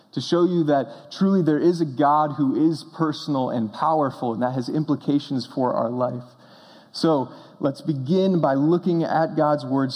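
A man's voice: fairly high pitch, darkish tone. Earnest young male preacher in reverberant hall. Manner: earnest, storytelling preacher with emphatic bursts. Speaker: pastor. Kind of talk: sermon. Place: church sanctuary.

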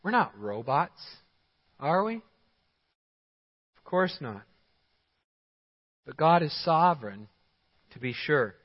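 A man's voice: fairly high pitch, very animated, slow pace, pauses often. A man preaching a sermon as pastor, emphatic, giving short commands and chuckling at his own points. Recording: dull sound in a large hall with long reverb.

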